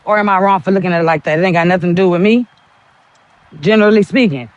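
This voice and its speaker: A woman's voice: fairly low pitch, fast, highs cut off. A woman hosting a podcast, talking bluntly in a casual monologue full of rhetorical questions. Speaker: podcast host.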